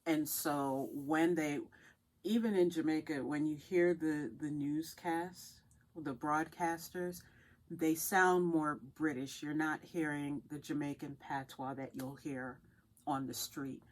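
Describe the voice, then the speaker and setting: Low-voiced woman explaining thoughtfully. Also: fairly even intonation, slow. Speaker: podcast co-host. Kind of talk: casual chat.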